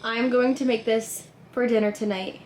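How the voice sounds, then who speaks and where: A woman's voice: a little high, fairly even intonation, normal speed, a little mellow. A young woman chatting casually to viewers in a home vlog, upbeat and confiding. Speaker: vlogger. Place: home, indoors. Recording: echoey home room with faint noise.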